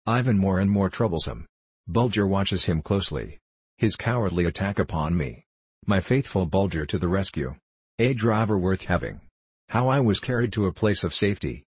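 A man narrating an old-fashioned adventure novel with measured, even delivery. His voice is deep and husky, recorded dry and close with no room sound. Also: no echo. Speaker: audiobook narrator. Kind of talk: scripted narration of a classic novel.

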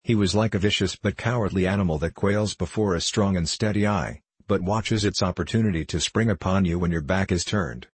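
A man narrating an old-fashioned adventure novel with measured, even delivery. His voice is deep and husky, recorded dry and close with no room sound. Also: no room sound. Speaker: audiobook narrator. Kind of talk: scripted narration of a classic novel.

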